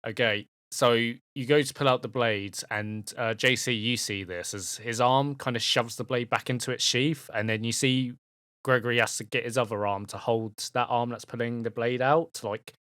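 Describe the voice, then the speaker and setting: A man's voice: mid-range voice, steady tone, normal speed, a bit bright, no room sound, studio quality. A man running a tabletop role-playing game as game master, narrating loosely with many fillers. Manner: casual, rambling narration full of fillers.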